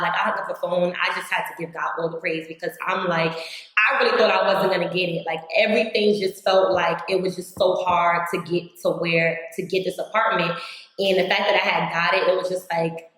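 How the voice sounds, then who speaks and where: A woman's voice: lowish voice, steady tone, moderate pace, fairly bright tone. A young woman from New York vlogging a casual life update, chatty, saying "like" constantly and acting out her own past words. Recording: very echoey room.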